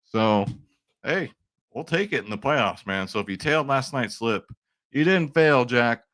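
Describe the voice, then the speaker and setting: Rambling excitable man in his forties. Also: medium pitch, measured pace, no room sound. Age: 40s. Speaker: sports betting vlogger. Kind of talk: casual chat to camera.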